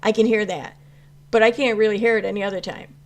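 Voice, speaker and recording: A woman's voice: mid-range voice, steady tone, quick pace. A woman chatting casually on a live stream, answering chat with rambling talk full of fillers and restarts. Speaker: YouTube commentary host answering live chat.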